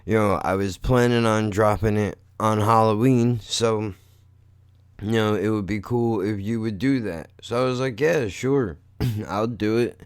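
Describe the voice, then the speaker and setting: A man's voice: fairly low pitch, steady tone, moderate pace, clear, resonant tone, dry recording, studio quality. A man hosting his own podcast in a blunt, profane, rambling monologue. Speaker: podcast host. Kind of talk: casual monologue.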